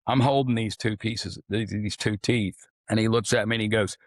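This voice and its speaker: A man's voice: lowish voice, steady tone, normal speed, no echo, studio quality. An older man, a former swim coach telling rambling, folksy stories as a podcast guest. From Arkansas. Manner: folksy, rambling anecdotes with casual swearing. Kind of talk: storytelling in a podcast interview.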